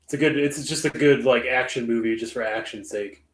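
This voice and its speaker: A man's voice: mid-range voice, fairly even intonation, fairly quick, echoey room. A man co-hosting a podcast in casual chat, rambling with many fillers and restarts. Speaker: podcast co-host.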